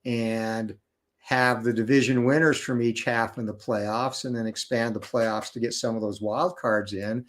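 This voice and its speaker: A male guest in a casual chat who explains things in a steady, knowledgeable way. He talks at a middling pitch and often fills pauses with "uh" and "you know".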